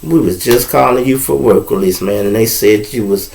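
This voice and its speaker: A man's voice: fairly low pitch, normal speed, gravelly, poor audio. A man with a Chicago accent, hosting his own show and telling a story in casual, slangy street talk, acting out the other people's lines. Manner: animated, acts out other people's voices in dialogue.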